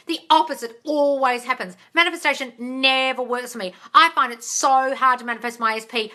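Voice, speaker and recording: A bright, fairly high-pitched Australian woman answers viewer questions on a casual live stream. She is blunt and sweary and often calls people darling. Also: brisk. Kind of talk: casual live Q&A, reading comments aloud.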